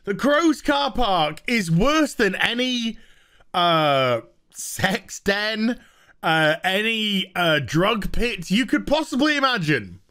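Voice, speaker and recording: A man's voice: sits high, big pitch swings, slow pace, pushed and bright. A man with an English accent giving a mocking, exasperated review of a TV episode, laughing at its plot. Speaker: host.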